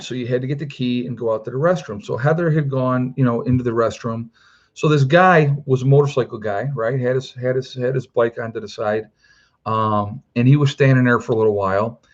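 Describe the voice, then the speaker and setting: A man's voice: mid-range voice, muffled recording. Rambling middle-aged man telling a story. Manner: rambling, many "you know" fillers. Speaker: prepper channel host. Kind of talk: casual livestream storytelling.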